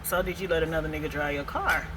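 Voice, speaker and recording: A woman's voice: sits low, fairly even intonation, background noise, voice pushed down, lightly acted. A woman voicing a controlling, jealous man. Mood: accusing. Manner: cold, demanding, rapid-fire. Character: possessive controlling man, a jealous drug dealer. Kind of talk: acted quote in a storytime.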